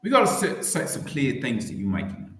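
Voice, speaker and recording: A man delivers a rambling, mock-serious rant straight to his channel's viewers. His voice lurches up and down with lively, theatrical swings, and he circles back on the same words again and again. The recording carries a noticeable roomy echo. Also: brisk. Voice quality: theatrical, with swooping pitch and repeated words. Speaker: YouTube channel host. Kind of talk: rambling satirical commentary rant.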